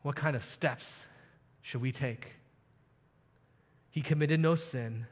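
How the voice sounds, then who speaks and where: A man's voice: mid-range voice, slow, long reverb tail. A man in his thirties preaching a sermon as pastor, telling a story earnestly and building to emphatic rhetorical questions.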